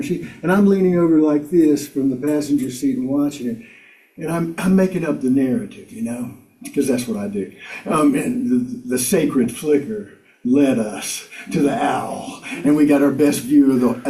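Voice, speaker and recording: A man's voice: mid-range voice, dark tone. An older man from South Carolina, a guest speaker telling personal stories to a congregation in a wry, self-mocking way, with chuckles and filler words. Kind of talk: storytelling talk to a congregation. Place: community meeting hall. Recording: roomy hall, voice from far off.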